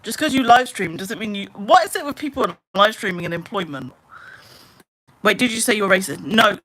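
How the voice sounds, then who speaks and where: Young female streamer, bright forceful voice, exasperated ranting, casual chat with viewers. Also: medium pitch, expressive, normal speed. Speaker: live streamer.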